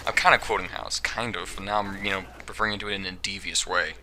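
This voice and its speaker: A man's voice: fairly low pitch, fairly even intonation, fairly quick, background noise. A young man giving casual, rambling gameplay commentary, joking and giggling as he goes. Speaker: gaming commentator.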